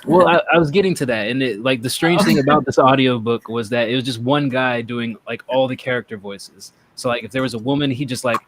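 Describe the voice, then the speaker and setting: A man's voice: medium pitch, brisk, hardly any pauses, a little hiss or hum. A man hosting a casual chat show, rambling and joking as he talks. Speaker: podcast host. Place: North Texas.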